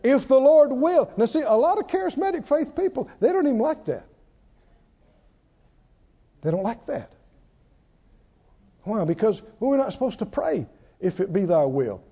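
A high-pitched man preaching a sermon, his voice ringing around a church hall with a long reverb. He talks in a mellow tone and rises and falls a lot, calling on the congregation to answer back. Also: sing-song, normal speed, pauses often, breathy edge, lo-fi sound. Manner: call-and-response preaching, asks the congregation to repeat lines.

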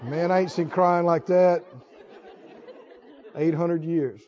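Male preacher, sermon, rhetorical questions, emphatic repetition; high, animated voice; dull lo-fi recording. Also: slow, a faint crowd.

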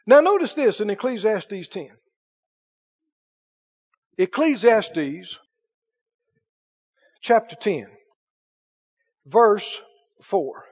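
Pastor, male, high-pitched preaching voice, emphatic call-and-response, muffled hall recording with long reverb. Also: big pitch swings, extremely slow, long pauses, husky. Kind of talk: sermon.

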